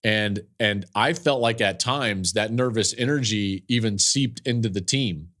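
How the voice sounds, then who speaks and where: Animated man recapping a football game. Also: on the low side, measured pace. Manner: animated, emphatic storytelling with restarts. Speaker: podcast host and football analyst. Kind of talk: casual sports podcast talk.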